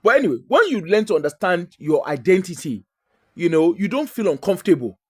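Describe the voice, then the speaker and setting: A woman's voice: lowish voice, very animated, fairly quick, a little mellow, breathy edge. A woman from Nigeria with a Nigerian accent, talking in a chatty, emphatic and digressive way as the host of a casual monologue.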